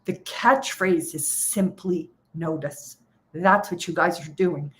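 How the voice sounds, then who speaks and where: Middle-aged woman trading coach, energetic and emphatic, live coaching session. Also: on the low side, slow pace. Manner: energetic, emphatic, acts out inner voices.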